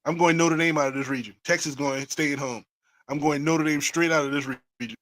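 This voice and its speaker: Laid-back man bantering, fairly high voice. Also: steady tone, a little fast, a bit bright. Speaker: podcast co-host. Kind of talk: casual sports chat.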